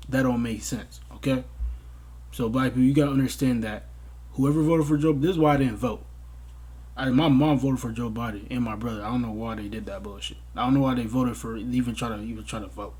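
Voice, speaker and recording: A man's voice: medium pitch, breathy edge. A young man giving a casual, profane commentary rant, exasperated and bursting into outraged exclamations. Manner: profane, exasperated, animated outbursts. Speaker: commentary vlogger.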